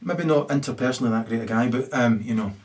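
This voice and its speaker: A man's voice: medium pitch, fast, a little mellow. Rambling man ranting to camera. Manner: keeps tagging "right?" onto his sentences. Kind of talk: rambling solo rant to camera. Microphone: camera mic.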